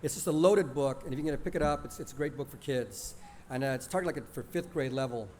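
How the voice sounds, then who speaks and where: A man reading his own stories aloud to a live audience in a lively, expressive storytelling manner. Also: mid-range voice, fast talker, slight background noise.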